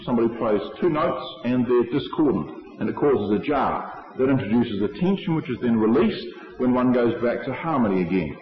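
A man giving a sermon, explaining his points in a measured way to a congregation. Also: mid-range voice, animated. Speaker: preacher. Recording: echoey hall, dull lo-fi sound.

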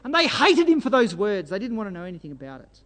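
A man delivers a sermon in an unusually high voice. He preaches with fervour and drives his points home with rhetorical questions. A long hall reverb trails after every phrase. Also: big pitch swings, quick pace. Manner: fervent, exhorting, rhetorical questions.

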